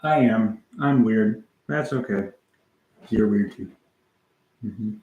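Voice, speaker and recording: A man's voice: fairly low pitch, takes it slowly, phone-quality sound. A man chatting casually on a music livestream, rambling and meandering, swearing offhandedly and answering his chat as he goes. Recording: echoey room.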